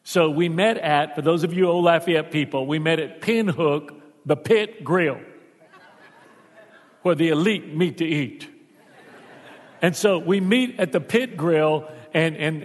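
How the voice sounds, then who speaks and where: A man from Texas, a pastor, telling a personal story in a sermon and acting out the voices of the people in it. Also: a little high. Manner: animated storyteller acting out dialogue. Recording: long church hall reverb.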